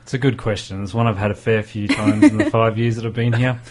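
A man, a scientist interviewed on a radio show, relaxed and easygoing. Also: lowish voice, fast talker. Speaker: scientist guest.

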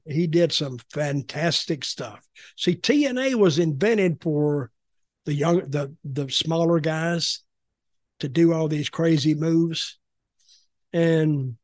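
A man's voice: on the high side, slow pace, a little mellow, dry recording, studio quality. An older man telling blunt, rambling stories in casual podcast chat, often repeating himself. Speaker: podcast guest, former wrestling executive.

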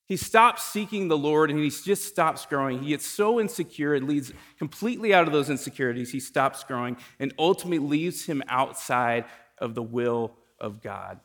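A male pastor preaching to his congregation with a slightly high voice. He talks in a relaxed, conversational way, telling stories and jokes about himself. He often restarts phrases and repeats words as he goes. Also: moderate pace. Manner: conversational storytelling preacher with self-deprecating jokes. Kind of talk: sermon.

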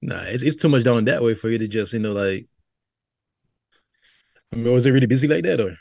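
A man's voice: mid-range voice, expressive, brisk, gravelly, darkish tone. A man in a casual chat, laid-back but stubborn about his point.

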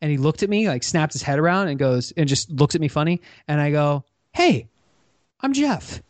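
A man's voice: a little high, fast talker, no room sound. A man telling a story in a podcast interview, acting out the lines of the people in it. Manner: animated storyteller acting out quoted dialogue. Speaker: podcast guest. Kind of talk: conversational storytelling.

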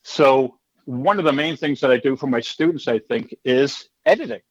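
A man's voice: mid-range voice, animated, moderate pace, highs cut off. A middle-aged man, a stand-up comedy teacher, telling stories in a chatty, rambling, self-assured way during a casual interview.

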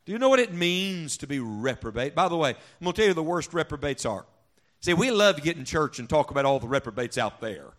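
A man preaching from the pulpit with a somewhat high voice. He keeps throwing rhetorical questions at the congregation and gets them to call back to him. His delivery swings from punchy, loud emphasis to soft, low reflection. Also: sing-song, quick pace. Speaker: pastor. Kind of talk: sermon. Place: church sanctuary before a congregation.

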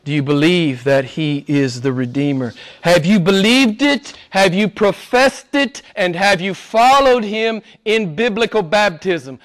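High-voiced preaching man, loud then hushed. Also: unhurried, few pauses. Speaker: pastor. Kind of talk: sermon.

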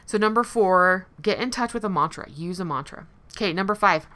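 A woman's voice: medium pitch, expressive, brisk, bright, forceful tone. A woman hosting a personal recovery talk, speaking candidly and conversationally, often laughing lightly at herself.

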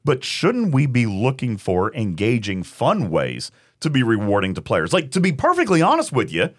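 A man co-hosting a podcast, talking in an emphatic, animated way and often repeating words as he argues a point. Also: mid-range voice, moderate pace, slightly rough. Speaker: podcast co-host. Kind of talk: casual debate chat.

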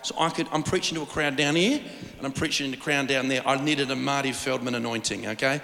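A man preaching a sermon, telling stories in an animated, rambling way with lots of restarts. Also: medium pitch, fast, creaky. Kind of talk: sermon with storytelling. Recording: long reverb of a large hall.

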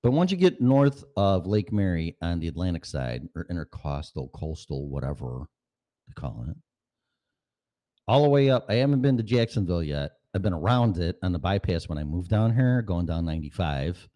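Lively, low-voiced Chicago man, sarcastic profane vlogger rambling off the cuff. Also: normal speed. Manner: profane, sarcastic, jumps between jokes and voices. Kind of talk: casual rambling monologue.

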